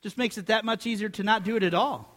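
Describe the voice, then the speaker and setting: A man with a notably high voice preaches in a church sanctuary, and his words ring out with a long reverb tail. He keeps the sermon conversational, tossing joking asides to the congregation between points. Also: quick pace, a bit bright. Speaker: pastor.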